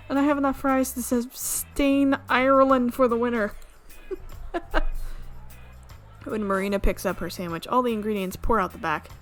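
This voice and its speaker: A woman streamer reading a visual novel aloud, amused and quick to laugh. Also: mid-range voice. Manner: amused, reads with frequent laughs.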